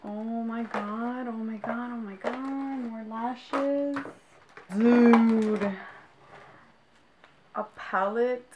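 A woman's voice: a little high, fairly even intonation, slow, few pauses. A young woman vlogging as she unboxes makeup, gushing with exclamations and talking straight to her viewers. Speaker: beauty vlogger. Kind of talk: casual unboxing vlog. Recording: clear background noise.

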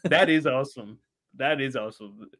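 An interview guest, a man with a mid-range voice at normal speed, tells a casual story. He's animated, acting out the voices of people he quotes and laughing often.

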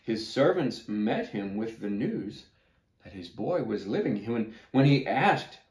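A man's voice: mid-range voice, very animated, slow, a little mellow. A man teaching a children's Bible class, telling a story and asking his listeners questions. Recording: echoey room.

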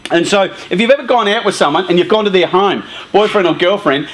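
A middle-aged man giving a casual, animated talk to a youth group, laughing often and acting out quoted lines. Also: sits high, quick pace, rough recording.

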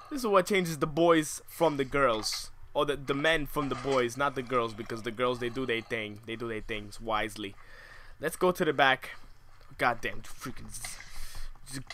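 A man's voice: mid-range voice, bright, forceful tone, a little hiss or hum. A young man commentating his own survival game, swinging between muttered asides and shrieking outbursts full of swearing. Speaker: gamer.

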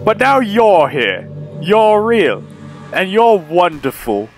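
A man voicing an obsessive, lovesick teenage girl from a visual novel, reading her lines in a slow, hushed way. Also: high voice, sing-song, faint music behind, exaggerated voice. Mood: yearning. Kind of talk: reading game dialogue aloud.

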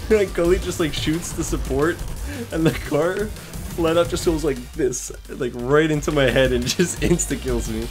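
Profane young gamer over game music. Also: male voice, fairly high pitch, measured pace. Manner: excitable, profane, laughing often. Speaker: gaming streamer. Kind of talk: casual gameplay commentary. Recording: loud game music behind the voice.

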